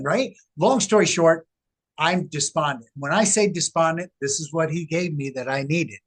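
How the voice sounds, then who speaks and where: A middle-aged researcher appears as a guest in a casual interview, his husky voice sitting a little higher than most men's. Speaking at normal speed, he tells his story animatedly and emphatically, leaning hard on key words.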